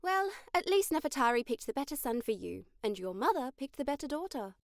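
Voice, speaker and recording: A woman's voice: high-pitched, very animated, a little fast, no room sound. A woman voicing a wry female mage who is fond of pranks, in dry, amused audiobook dialogue.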